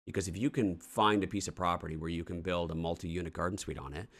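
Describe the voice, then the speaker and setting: Man, from Canada, very low voice, show host, casual rambling, blunt, swearing. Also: fairly even intonation, fast, fairly bright tone. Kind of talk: casual morning show chat.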